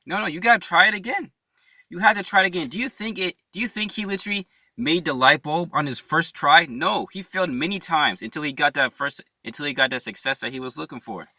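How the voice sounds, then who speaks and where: A young man with a very bright, forward voice, pitched a little above the usual, gives a casual motivational talk straight to camera. He is earnest and slangy, calls his listeners "bro" and keeps checking in with "right?" as he repeats his points. The sound is close and dry. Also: fast, dry recording. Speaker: motivational YouTuber.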